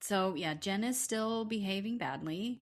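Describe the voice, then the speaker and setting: A woman co-hosting a podcast, casually recapping a reality show and readily agreeing with her partner. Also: mid-range voice. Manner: agreeable, quick affirmations, recaps plot points. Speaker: podcast co-host.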